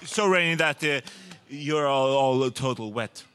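Bright tone, hesitant speaker, apologetic, game contestant, searching for words. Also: mid-range voice, measured pace, a little hiss or hum. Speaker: volunteer contestant from the crowd. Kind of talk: casual chat.

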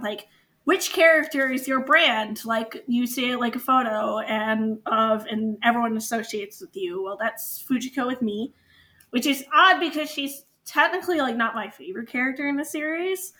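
A woman's voice: fairly high pitch, bright, forceful tone. A woman guesting on a casual podcast, enthusiastic and hedging with fillers.

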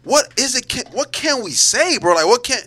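A man hosting a podcast, loud and animated, talking with his hands and cursing freely in casual chat. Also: very high-pitched, normal speed, breathy edge. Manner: loud, animated, profane, laughs often. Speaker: podcast host.

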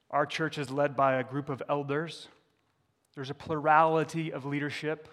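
A man's voice: fairly high pitch, fairly bright tone. A man preaching a candid sermon as a pastor, putting questions to the congregation. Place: church sanctuary. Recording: echoey church hall.

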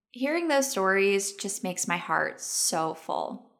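A woman hosting and narrating a fan video with brisk enthusiasm. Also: mid-range voice, big pitch swings, creaky, fairly bright tone. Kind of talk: casual narration.

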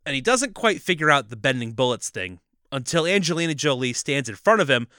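A man's voice: mid-range voice, sing-song, brisk, sharp tone, smooth, dry recording, studio quality. A man co-hosting a podcast, casually recapping a movie plot with jokes and frequent laughter. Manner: joking, laughs often, slips into mock voices. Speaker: podcast co-host.

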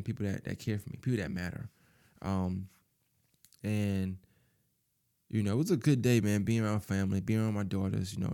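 A man in his thirties talking through his thoughts in a personal monologue, soft-spoken and halting, often repeating words and filling with "you know". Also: fairly low pitch.

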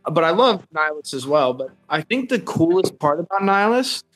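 A man's voice: a little high, big pitch swings, brisk, a bit bright, soft background music, poor audio. A young man co-hosting a podcast, chatting casually and enthusiastically with lots of fillers. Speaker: podcast co-host. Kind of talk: casual chat.

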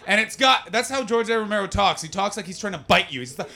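An American man doing stand-up with crowd work, brash and profane, switching between muttered asides and loud rants in a comedy club. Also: sits high, lively intonation, fast talker, vocal fry.

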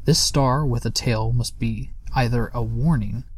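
A man's voice: medium pitch, steady tone, measured pace, breathy edge, no echo. A man voicing an earnest, thoughtful young troll boy in a storybook reading.

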